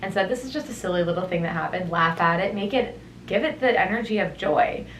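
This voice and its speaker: A young woman hosts her own podcast and thinks aloud in an unhurried, reflective way, drifting into tangents now and then. Her voice sits a little low for a woman. The room rings around her, and a faint hiss stays under everything. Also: lively intonation, reverberant, rough recording. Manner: thoughtful, meandering, with tangents and soft laughs. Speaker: podcast host. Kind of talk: reflective solo podcast talk. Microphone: headphones on, studio-style mic.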